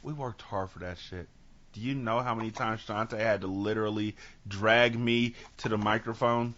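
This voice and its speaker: A man from Sacramento hosting a podcast, telling stories with lively acted-out quotes and casual swearing, on dull lo-fi audio. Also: fairly low pitch, moderate pace, slight background noise. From Sacramento, California. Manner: animated storytelling, acts out quotes, swears freely. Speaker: podcast host. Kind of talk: casual chat.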